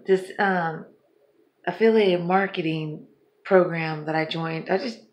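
A woman's voice: lowish voice, slow pace, a bit bright. Tired, rambling, foul-mouthed middle-aged woman. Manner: rambling, profane, laughs often. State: tired, up all night. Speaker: vlogger. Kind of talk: casual rambling vlog. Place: at home.

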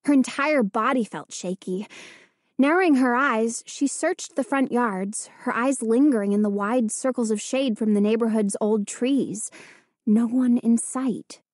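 Husky, high-voiced woman reading a scary story. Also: darkish tone, dry recording, clean studio sound. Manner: measured, suspenseful reading. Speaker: audiobook narrator. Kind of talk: scripted storybook narration.

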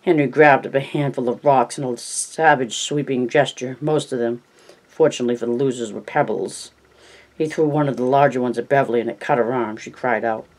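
A man reads a novel aloud, telling the scene in an even, measured way. His voice sits at a middle pitch for a man. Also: poor audio. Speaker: audiobook narrator. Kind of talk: novel narration.

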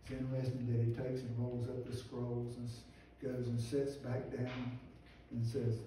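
Pastor, earnest pleading sermon delivery, mellow voice, heard from afar in a very roomy church. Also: male voice, mid-range voice, completely flat delivery, moderate pace, slight background noise. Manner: earnest preaching with rising, pleading outcries. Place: church sanctuary. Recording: distant, very echoey church recording.

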